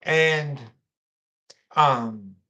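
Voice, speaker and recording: A host talks casually on his own show in a rambling, repetitive monologue full of fillers, mocking others with whiny voices when he quotes them. He speaks extremely slowly, and his voice is on the high side, bright and forceful.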